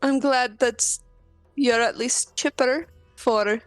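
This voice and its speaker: A woman voicing a deadpan young fish-folk student in a tabletop game, dry and teasing. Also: a little high, slow pace, no room sound, faint music behind.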